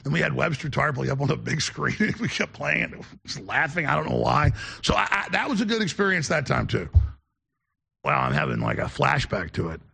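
A man's voice: medium pitch, very animated, fairly quick, gravelly, bright, forceful tone, husky. A man hosting a show, telling long rambling anecdotes in a casual on-air manner. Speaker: show host.

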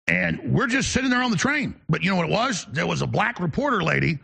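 A man's voice: high-pitched, very animated, gravelly, pushed and bright, husky. A man hosting a talk radio show, delivering an emphatic, ranting opinion monologue. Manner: emphatic, ranting, fast-talking.

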